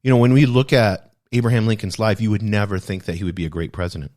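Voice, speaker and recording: Speaking quickly in a steady, fairly low voice with a slightly mellow quality, a male podcast host reflects earnestly on a self-help book. He keeps coming back to key phrases to stress them.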